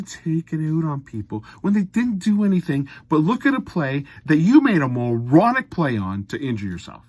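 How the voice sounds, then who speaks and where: A man delivering an opinionated hockey recap with a wildly animated pitch that leaps up when he rants and drops low when he mutters. His voice sits close and dry on the mic, with no room around it. He sounds blunt and exasperated throughout. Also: moderate pace, hardly any pauses, dry recording. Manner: blunt, exasperated, swings from muttered asides to loud ranting. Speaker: sports commentary vlogger.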